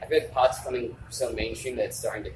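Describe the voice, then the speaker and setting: A man's voice: mid-range voice, steady tone, quick pace, over a noisy crowd. A man in casual chat who muses and asks curious questions, with hesitations. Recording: echoey room, distant mic, noise.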